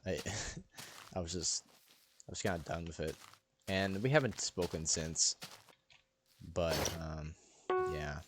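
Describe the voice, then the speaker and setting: A man's voice: sits low, a little slow, long pauses. A man casually telling stories over gameplay commentary, rambling and playful, in a recording with background hiss. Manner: rambling, lots of fillers and restarts, playful. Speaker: channel host.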